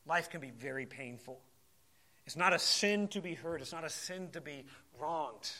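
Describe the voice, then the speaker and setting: A man preaching a sermon in a conversational, animated way, often repeating words as he goes. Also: fairly high pitch, normal speed.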